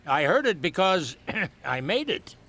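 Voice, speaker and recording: Crinkleroot, a slow, playful old woodsman. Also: fairly high pitch, big pitch swings, heavy background noise. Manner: slow, gentle, playful teaching. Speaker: woodland nature guide. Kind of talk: children's TV acting. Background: background music.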